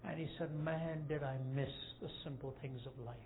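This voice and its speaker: A man in his sixties preaching a sermon to a group of men, telling stories that rise to loud, emphatic peaks. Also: fairly high pitch, steady tone, moderate pace. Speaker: evangelist speaker. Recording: tinny phone-like lo-fi recording with faint hiss.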